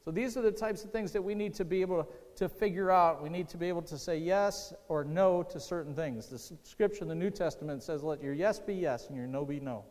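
A man's voice: a little high, fairly quick, hardly any pauses, a little mellow. A man preaching a sermon as pastor, talking conversationally, repeating key lines and quizzing the congregation. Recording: long hall reverb.

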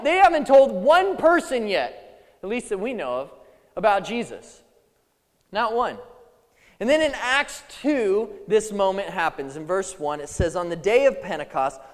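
A male preacher giving a sermon to a church, playful and animated, acting out the scripture story. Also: high-pitched. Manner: animated, playful, acts out the disciples and Jesus. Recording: long hall reverb.

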